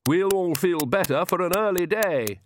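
A man's voice: high voice, expressive, moderate pace, background noise, voice pushed up. A man voicing a fussy, fretful female vampire countess who tries to placate her family.

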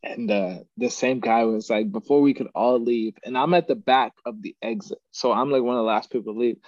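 A man's voice: mid-range voice, a little fast, dry recording. A man hosting a podcast, telling his stories in casual chat and laughing often. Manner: animated storyteller, laughs often. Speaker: podcast host. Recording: dry, dull lo-fi sound.

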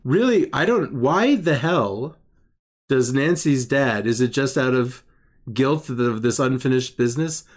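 A man's voice: medium pitch, animated. Amused man rambling about films. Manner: halting, restarts often, amused. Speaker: podcast host. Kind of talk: casual film discussion.

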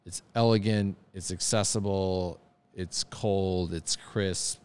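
A man's voice: deep voice, steady tone, takes it slowly, a little mellow, a little hiss or hum. A man chatting casually and with enthusiasm, often repeating words as he searches for them. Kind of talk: casual chat.

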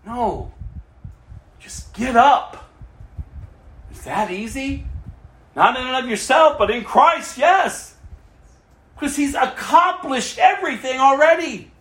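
A man preaching a sermon emphatically, with rhetorical questions and swings between loud and hushed. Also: very high-pitched, lively intonation, slow pace, long pauses, roomy sound. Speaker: pastor.

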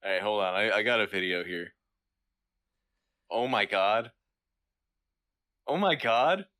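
A man's voice: fairly low pitch, lively intonation, takes it slowly, pushed and bright. A man co-hosting a podcast in casual chat, teasing and bantering. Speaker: podcast co-host.

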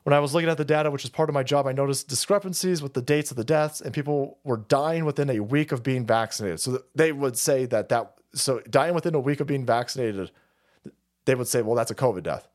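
A man's voice: medium pitch, fairly quick. A foul-mouthed man hosting a livestream, reading viewer chats and rambling through his commentary with frequent restarts. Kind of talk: casual profane stream commentary.

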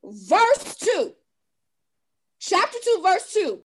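Very high-voiced woman reading scripture. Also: big pitch swings. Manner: reads scripture slowly and emphatically, quick encouraging interjections. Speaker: podcast co-host. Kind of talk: casual faith-based chat with scripture reading.

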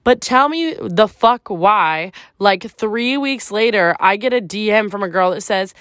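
A woman's voice: medium pitch, expressive, unhurried, a bit bright, no room sound, studio quality. A woman hosting her own podcast, telling a personal story in a casual, chatty way, filling her talk with "like" and swearing freely. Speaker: podcast host. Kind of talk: candid storytelling monologue.

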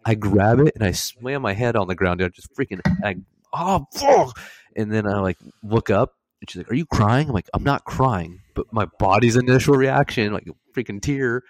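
A man's voice: on the low side, fairly quick, few pauses, dry recording. A young man co-hosting a podcast, telling stories animatedly, swearing and laughing as he goes. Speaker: podcast co-host. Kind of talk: casual storytelling chat.

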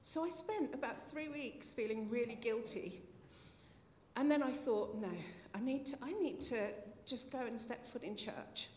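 A woman's voice: on the high side, measured pace. A middle-aged woman giving a heartfelt personal testimony at a church meeting, at times near tears. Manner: heartfelt, tearful at times, with soft laughs. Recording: echoey hall with faint noise.

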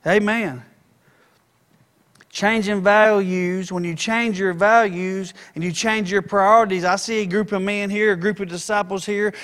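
A male pastor delivers a passionate sermon in a high-pitched voice. He swings between conversational asides and rising, shouted exhortation. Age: adult. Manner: fervent preaching, rising to shouts.

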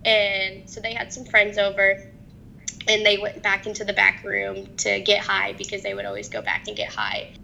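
A young woman telling her own story as a guest in an interview, halting and hesitant, with many restarts. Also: medium pitch, vocal fry, pushed and bright, slight background noise, poor audio. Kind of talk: personal testimony in an interview.

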